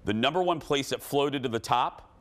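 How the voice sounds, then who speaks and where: A middle-aged man hosting a TV talk show, telling loud, animated stories and laughing at his own jokes. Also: mid-range voice, normal speed. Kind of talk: casual chat, storytelling.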